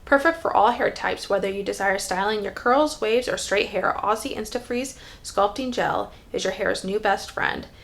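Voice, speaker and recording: A woman's voice: medium pitch, normal speed, hardly any pauses. A woman chatting casually as she tries a hair gel on camera, thinking aloud with lots of fillers while she styles her hair. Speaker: hair care vlogger. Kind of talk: casual tutorial chat.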